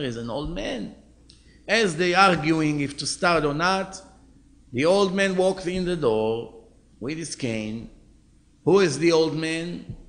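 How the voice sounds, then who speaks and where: A rabbi tells a moral story to his listeners, animated and lively. His voice sits fairly high for a man, with a gravelly, fry-laced texture. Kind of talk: storytelling sermon.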